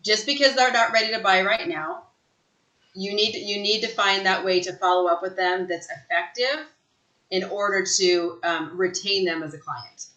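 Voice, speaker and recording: A woman runs a sales training session with punchy, emphatic delivery, often checking in with a quick "right?". Her voice is bright and forceful, and the room around her rings with noticeable echo. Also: mid-range voice. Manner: emphatic, energetic, tags lines with "right?". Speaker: real estate sales trainer. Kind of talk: live online training talk.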